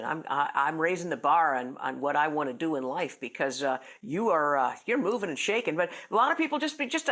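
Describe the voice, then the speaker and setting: A woman's voice: on the low side, a bit bright. Woman hosting a talk show, voice swoops up and down, chatty. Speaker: guest host.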